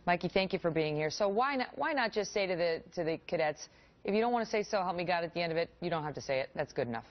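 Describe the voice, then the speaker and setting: A woman's voice: on the low side, animated, quick pace. A woman hosting a cable news interview who presses her guest with pointed, repeated questions. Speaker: news host. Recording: dull lo-fi broadcast audio.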